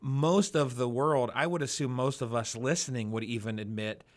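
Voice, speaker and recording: A man's voice: mid-range voice, steady tone, normal speed. A man co-hosting a podcast, chatting casually and laughing easily. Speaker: podcast co-host.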